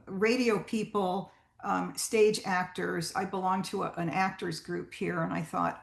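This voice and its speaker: A woman's voice: mid-range voice, normal speed, gravelly. A woman voice actor giving a chatty, informal talk to a writers group, with many fillers and restarts. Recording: roomy echo.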